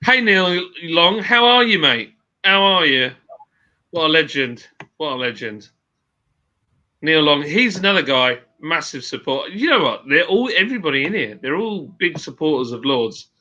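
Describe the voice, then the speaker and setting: Bright-voiced man chatting on stream. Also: fairly high pitch, big pitch swings, moderate pace, lo-fi sound. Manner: chatty, jokey, rambling. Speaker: live stream host. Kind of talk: casual chat reading viewer comments.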